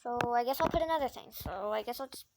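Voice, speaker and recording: A woman's voice: fairly high pitch, expressive, fast. A female vlogger chatting casually while stacking toys, nervous and full of "like" and "oh my gosh". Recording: loud clicking noise behind voice.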